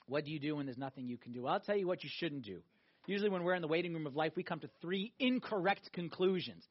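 A man's voice: on the high side, lively intonation, fast, muffled recording. A man preaching a sermon in an emphatic, conversational way, returning again and again to the same question. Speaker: pastor.

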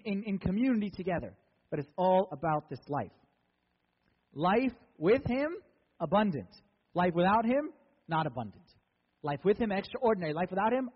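A man's voice: high-pitched, slightly rough. A man preaching a sermon in a church, repeating key words for emphasis. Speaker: pastor. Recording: dull, echoey church recording.

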